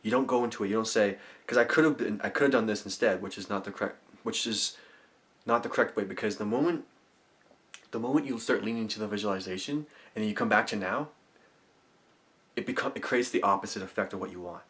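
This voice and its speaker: A man talking to camera, walking viewers through a visualization technique, murmuring affirmations softly and explaining in eager, rambling bursts. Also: on the low side, fast. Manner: drops to soft, murmured affirmations, laughing often. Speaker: self-help vlogger. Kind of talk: guided visualization demonstration to camera. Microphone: camera mic.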